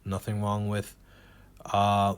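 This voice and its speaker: Low-voiced man doing rambling stand-up. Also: completely flat delivery, takes it slowly, clean tone. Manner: rambling, self-deprecating, with restarts; reads jokes from a notebook. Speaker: stand-up comedian. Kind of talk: stand-up comedy set.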